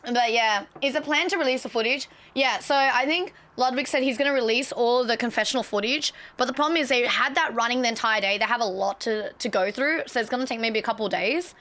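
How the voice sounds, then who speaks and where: A woman streamer chatting casually to her viewers, excitable and swearing freely. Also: a little high, quick pace, few pauses. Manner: excitable, swears a lot, talks straight to chat.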